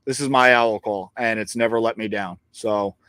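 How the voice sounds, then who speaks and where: A man's voice: lowish voice, fairly even intonation, normal speed, bright, forceful tone, clean tone, no room sound, studio quality. A man co-hosting a casual podcast chat, boastful and joking, swearing freely and trailing off into fillers. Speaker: co-host.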